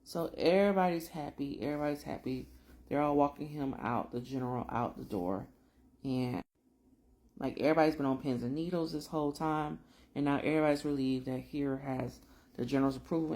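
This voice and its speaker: A woman giving a chatty, slangy recap of a TV episode, full of asides and quick storytelling. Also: rumbling low, darkish tone. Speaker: drama recap vlogger.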